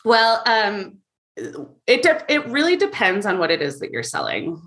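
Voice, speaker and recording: A woman's voice: mid-range voice, huge pitch swings, unhurried, fairly bright tone. A woman guest in a casual interview, explaining things thoughtfully with frequent fillers. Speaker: marketing guest.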